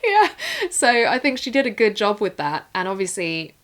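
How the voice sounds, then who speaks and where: A woman's voice: mid-range voice, big pitch swings, moderate pace. A woman co-hosting a casual film review, retelling the plot thoughtfully and laughing often. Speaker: podcast co-host.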